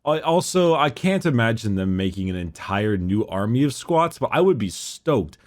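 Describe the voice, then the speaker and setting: Relaxed joking man, casual chat. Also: lowish voice, normal speed. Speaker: co-host.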